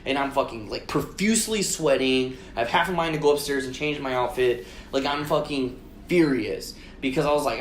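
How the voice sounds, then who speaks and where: A man co-hosting a podcast, telling a story in casual chat, swearing constantly and acting out his own shouted lines. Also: mid-range voice, a little fast, slight background noise. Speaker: podcast co-host. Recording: roomy echo.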